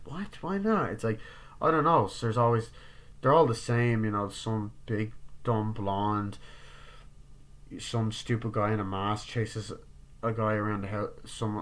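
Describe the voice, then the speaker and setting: A man giving a casual, profane movie review, excitedly acting out the scenes in different voices. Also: fairly low pitch, a little slow.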